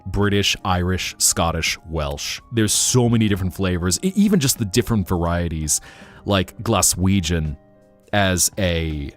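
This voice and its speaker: Deep-voiced man hosting a relaxed late-night stream. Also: measured pace, soft background music. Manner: playful, slips into accent bits while musing. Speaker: livestream host.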